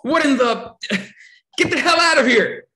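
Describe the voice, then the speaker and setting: A man's voice: mid-range voice, animated, slow pace. A man playing a flustered, exasperated city guy. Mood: alarmed shouting. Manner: shouts in alarm, then dry and baffled. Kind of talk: amateur audio drama.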